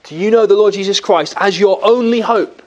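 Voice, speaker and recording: A man preaching a sermon in an earnest way, with dramatic rises and drops in his voice. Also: brisk. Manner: earnest, with dramatic swings in pitch and volume.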